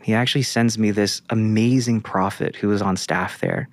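A man's voice: fairly low pitch, fairly even intonation, moderate pace, no room sound. A man, a guest prophet, telling his testimony in an interview with earnest storytelling. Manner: earnest storytelling with quoted dialogue.

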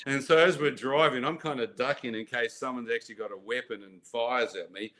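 A man's voice: mid-range voice, brisk, bright, forceful tone. Older man telling a dramatic story. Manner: vivid, dramatic, frequent restarts and laughs. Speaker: guest telling his testimony. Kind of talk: animated storytelling.

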